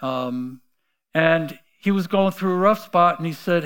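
A middle-aged man preaches from the pulpit, telling his story in a slightly high voice. He acts out the voices he quotes and swings between hushed asides and loud, forceful bursts. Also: a little slow, clear, resonant tone. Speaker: pastor. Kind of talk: sermon.

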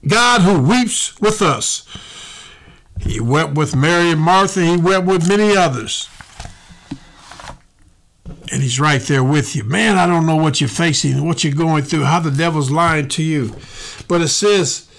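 A male pastor preaching a sermon in a fervent, conversational way, talking straight to his listeners and swinging between quiet reflection and loud praise. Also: on the high side, measured pace, long pauses.

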